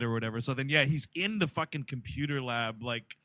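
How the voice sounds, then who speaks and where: Brief: male comedy podcast co-host, bright forceful tone, slightly high, dry close sound, profane recap chatter. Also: fairly quick, few pauses, dry recording. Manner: swears a lot, acts out scenes in voices. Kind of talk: casual comedic recap chat.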